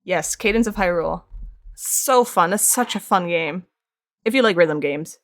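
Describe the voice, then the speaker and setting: A woman's voice: fairly low pitch, animated, normal speed. A woman streaming her art, chatting casually while she sculpts, rambling, laughing often and answering her chat. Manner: reads chat aloud and answers it.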